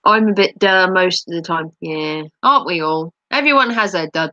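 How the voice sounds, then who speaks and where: Streaming from home, a middle-aged woman reads viewer comments and teases them in a playful, giggly way, her voice slightly sore. Her lowish voice has a sharp tone at a moderate pace, and the recording is dry and dull.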